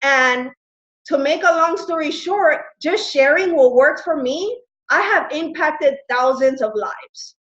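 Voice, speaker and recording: A woman in her thirties, a fitness coach, telling her personal story earnestly and excitedly on a group call. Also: sits high, takes it slowly. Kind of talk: recruiting talk on a group call. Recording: roomy, dull lo-fi call audio.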